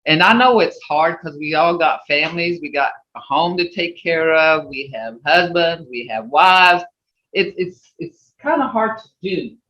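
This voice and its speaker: A patient language teacher, talking slowly and going over each point more than once. The voice comes through a video call, sounding muffled and dull, set back from the mic in an echoey room. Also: medium pitch, lively intonation, distant mic. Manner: slow, repetitive, patient explaining. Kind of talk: online language class.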